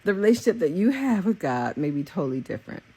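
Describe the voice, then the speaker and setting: Low, husky-voiced woman sharing a spiritual message. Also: big pitch swings, quick pace, dark tone. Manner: earnest, rambling and repetitive, with many fillers; openly emotional. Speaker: psychic reader and spiritual coach. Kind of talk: casual confessional spiritual message.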